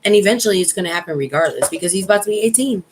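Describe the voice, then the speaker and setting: A woman's voice: mid-range voice, animated, racing, a little hiss or hum, poor audio. Candid middle-aged woman co-host who chats casually and acts out her story. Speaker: podcast co-host. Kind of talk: casual chat.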